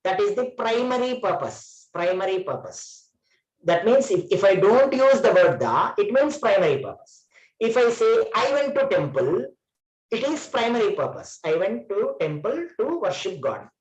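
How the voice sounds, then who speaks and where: A man's voice: high voice, very animated, normal speed. Indian man teaching in an echoey classroom. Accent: Indian English. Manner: explains patiently, repeats key words. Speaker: English trainer. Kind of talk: classroom lecture.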